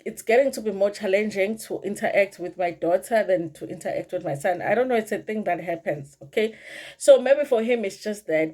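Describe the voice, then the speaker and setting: A woman's voice: mid-range voice, a little mellow. A middle-aged woman with a South African accent, chatting casually to viewers as she recaps a reality show episode and slips into Zulu phrases. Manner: chatty, addresses viewers as "you guys", mixes in Zulu phrases. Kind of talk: casual commentary vlog.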